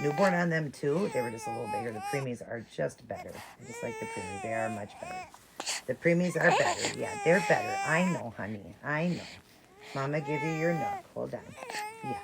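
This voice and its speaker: A woman vlogger soothes her dolls in cooing mother talk and explains each step to viewers. Her voice sits low with a lively, swinging melody and a gravelly texture. Loud baby crying fills the background. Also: heavy background noise. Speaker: vlogger caring for reborn dolls. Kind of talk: casual show-and-tell vlog. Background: recorded baby crying.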